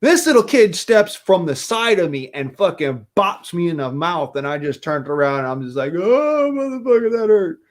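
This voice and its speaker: A man's voice: a little high, expressive, normal speed, few pauses. A man from Utah in casual chat, telling a rambling childhood story and cursing freely.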